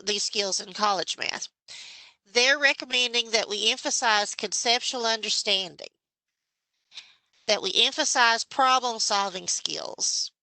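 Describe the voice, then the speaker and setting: A woman giving a measured, explanatory presentation to a state education board as a committee member. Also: mid-range voice, pushed and bright, dry recording, rough recording. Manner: explanatory, measured, with some restarts. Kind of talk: formal presentation.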